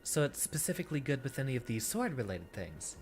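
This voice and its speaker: A man's voice: mid-range voice, sing-song, fairly quick, darkish tone, a little hiss or hum. A man streaming a video game, chatting with viewers in a playful, theatrical way. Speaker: VTuber streamer. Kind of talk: casual gameplay commentary. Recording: game music behind.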